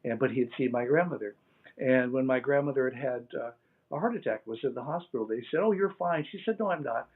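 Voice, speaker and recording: A man's voice: mid-range voice, fast talker, husky. A middle-aged man telling personal stories as an interview guest, rambling and reflective with many fillers. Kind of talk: casual storytelling interview. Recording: tinny phone-like line.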